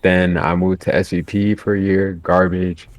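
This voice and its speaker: A man's voice: low-pitched, level tone, normal speed. A man talking casually about his experience, rambling with lots of fillers. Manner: laid-back, rambling with many fillers. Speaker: podcast guest editor. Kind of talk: casual chat.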